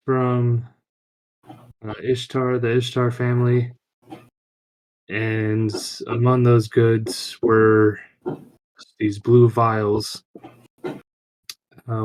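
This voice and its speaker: A man playing his adventurer character, reporting to a mayor in a halting way with many pauses. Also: on the low side, darkish tone, rough recording.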